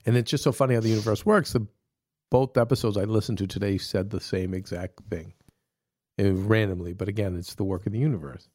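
Brisk and a little mellow, this man's lowish voice stays steady as he co-hosts a podcast. The studio-quality audio has no room sound, and his casual talk rambles along with many restarts and fillers.

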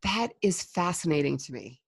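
Woman, podcast host, enthusiastic, exclamatory, lowish voice. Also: lively intonation, normal speed, gravelly, slightly rough. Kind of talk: conversational interview.

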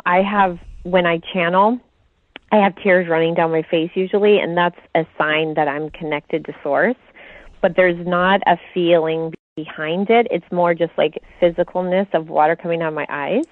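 A woman's voice: lowish voice, steady tone, moderate pace, no room sound. A woman co-hosting a spiritual podcast, talking reflectively and laughing lightly. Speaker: podcast co-host, channeler. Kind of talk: casual spiritual chat. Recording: tinny phone-like line, dry.

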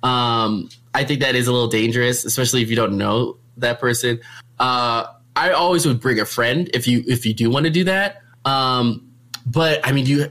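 A young man talks casually and chattily, laughing often and leaning on filler words. His pitch sits at an ordinary middle height. He speaks as a streamer answering viewer questions. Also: a bit bright. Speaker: streamer and meetup organizer. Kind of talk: casual chat.

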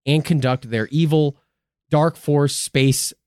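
Taking it slowly in a fairly high, clean-toned voice, a man hosts a laid-back conspiracy podcast, swearing and joking through lively stories. The sound is dry and studio-clean.

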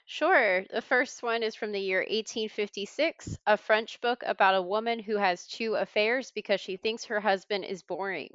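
A woman hosting a trivia podcast, reading clues in a brisk, wry way. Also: mid-range voice, a bit bright, smooth, dry recording. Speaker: quiz host. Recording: slightly dull lo-fi sound.

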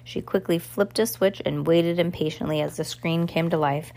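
A woman's voice: on the low side, moderate pace, gravelly, few pauses, darkish tone. A woman reading a novel aloud in an unpolished way, with stumbles and restarts. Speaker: reader.

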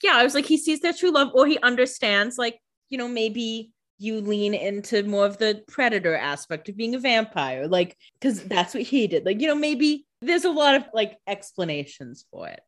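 A woman co-hosting a podcast, reacting in casual chat, excitable and filling her talk with "like" and "you know". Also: on the high side, normal speed, hardly any pauses. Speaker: podcast co-host.

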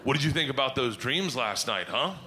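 A man voicing his deadpan, oddly confident twelve-year-old daughter in a low, flat, matter-of-fact voice. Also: fairly quick, background noise, natural voice.

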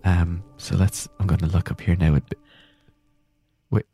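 A man hosting a podcast, talking in a hushed, shushing, exasperated whisper as part of a comedy bit. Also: low voice, little pitch movement, unhurried. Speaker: podcast host. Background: whale song music.

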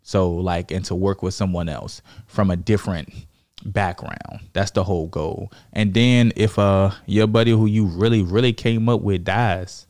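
A man's voice: moderate pace, dry recording, studio quality. A young man, an army veteran and comedian, telling stories in a loose podcast chat and acting out what others said. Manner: animated storyteller, acts out quotes in a higher voice. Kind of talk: casual podcast storytelling.

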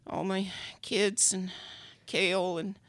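A woman playing an eager, apologetic male demon producer who stammers and rambles excitedly in a comedy podcast. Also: medium pitch, takes it slowly, no room sound, lightly acted. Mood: earnest.

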